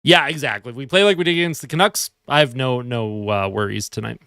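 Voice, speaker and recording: A sleepy man hosts a live fan stream from his desk at home, answering viewer comments in loose, easy chat. His voice sits at an everyday middle pitch and sounds close and dry, with no room echo. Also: fast talker, vocal fry, bright, forceful tone, clear, resonant tone. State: sleepy, yawning. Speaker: livestream host.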